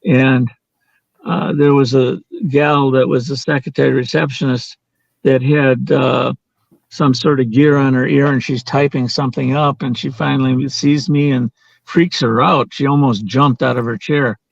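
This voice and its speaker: A man's voice: medium pitch, level tone, a little slow, vocal fry, no echo, muffled recording. An older man telling a story as an interview guest, quoting the people in it and laughing now and then. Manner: anecdotal, quoting others in dialogue, with laughs.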